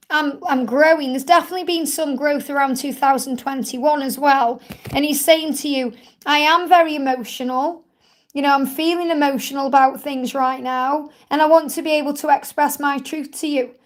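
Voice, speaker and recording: A woman hosting a live-stream card reading, gently reassuring viewers as she relays messages. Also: high voice.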